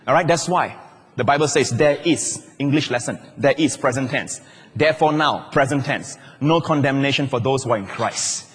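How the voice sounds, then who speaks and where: Husky male pastor in a reverberant church. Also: normal speed. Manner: emphatic, shouts at climaxes, swings pitch widely. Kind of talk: sermon. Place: large church hall. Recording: long church-hall reverb.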